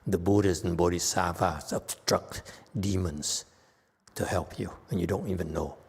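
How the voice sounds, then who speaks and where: A man giving a Buddhist Dharma lecture, quizzing his audience and growing animated as he explains. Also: sits low, normal speed, creaky, breathy edge. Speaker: Buddhist teacher. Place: temple lecture hall. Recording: long hall reverb.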